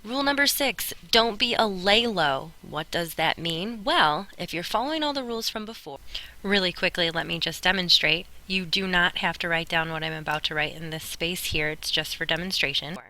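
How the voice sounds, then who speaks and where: A woman teaching a Spanish grammar lesson as a voice-over on her notes, explaining each step in a clear, patient way. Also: on the low side, moderate pace, bright, forceful tone.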